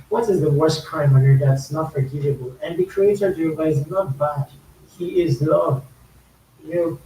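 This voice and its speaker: A man's voice: on the high side, mellow. A man with a Nigerian accent explaining a song's lyrics and slang in casual commentary, repeating phrases for emphasis. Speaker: YouTube music reaction host. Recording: echoey room, mic a bit far, faint hiss.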